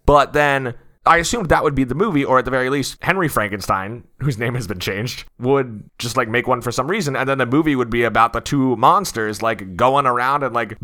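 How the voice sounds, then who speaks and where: Brief: man co-hosting a chatty podcast, bright, animated delivery. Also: medium pitch. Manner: animated, acts out quotes in a raised voice. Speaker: podcast co-host. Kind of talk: casual chat.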